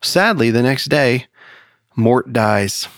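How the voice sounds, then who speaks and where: A man hosting a Bible study podcast in an easygoing, rambling way. His voice sits at a middle pitch. The sound is close and dry, with no room echo. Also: lively intonation, slow, fairly bright tone. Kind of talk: casual chat and joke telling.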